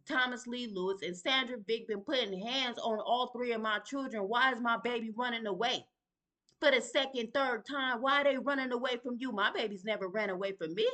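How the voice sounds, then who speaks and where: A middle-aged woman, venting in an emotional direct-to-camera vlog, heated and confrontational, calling out absent people in plain vernacular speech. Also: on the high side. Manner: Southern vernacular, sighs and breathes to calm down. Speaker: mother venting on a video.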